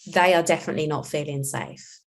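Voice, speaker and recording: Earnest, low-voiced woman podcast host. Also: fairly even intonation, a little fast, gravelly. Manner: earnest and reflective, acting out quoted lines. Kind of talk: casual podcast conversation.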